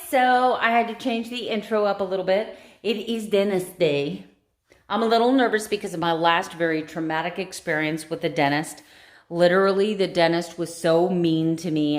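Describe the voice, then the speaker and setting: A middle-aged American woman vlogger chatting casually to camera in an emotional, confiding way. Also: mid-range voice. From United States.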